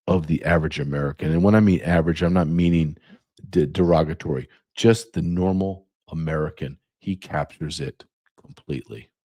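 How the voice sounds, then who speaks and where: A man hosting his podcast, speaking plainly and earnestly, building to forceful warnings. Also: low voice, no echo, clean studio sound. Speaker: podcast host. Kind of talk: opinionated podcast commentary.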